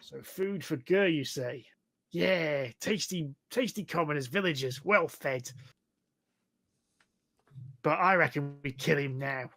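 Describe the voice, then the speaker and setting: A man's voice: slow, long pauses, a bit bright, full character voice. A man voicing a pompous, boastful little male goblin leader in a tabletop game. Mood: boastful whiny. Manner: boastful, squeaky and indignant.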